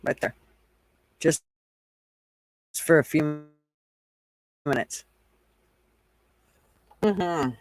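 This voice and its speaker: A woman's voice: low-pitched, drawn-out words, long pauses. A woman from the American South hosting a casual livestream chat, blunt, profane and teasing with her viewers. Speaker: livestream host.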